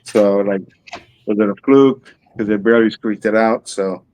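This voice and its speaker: A man with a fairly low voice talks through weekly football picks in an easy, casual way. He swears freely and trades jokes with his co-host. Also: steady tone, normal speed, a little mellow. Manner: profane, joking banter. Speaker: podcast co-host. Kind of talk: casual sports picks chat.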